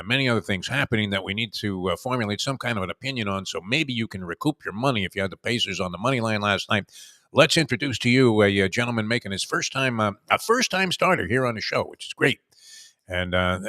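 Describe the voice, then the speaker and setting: A man hosting a sports talk show, telling rambling stories with many filler pauses. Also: on the low side, very animated, a bit bright, no echo, studio quality. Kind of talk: casual sports talk with a co-host.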